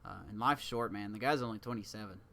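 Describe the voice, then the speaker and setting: A man's voice: on the low side, fast, sharp tone, slight background noise. A man co-hosting a sports podcast in loose, rambling, jokey casual chat. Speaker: podcast co-host.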